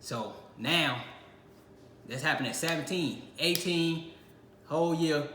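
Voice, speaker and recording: A man's voice: on the high side, slow pace, sharp tone. A young man from Illinois telling a casual personal story on his channel, acting out his own reactions. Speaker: channel host. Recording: echoey room with faint noise.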